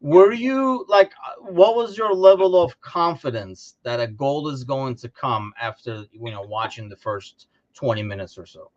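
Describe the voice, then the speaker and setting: A young man from Turkey hosting a live podcast, telling stories in lively casual chat and laughing often. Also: medium pitch, a little slow, few pauses. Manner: animated storyteller, laughs often. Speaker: podcast host. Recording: lo-fi live stream audio.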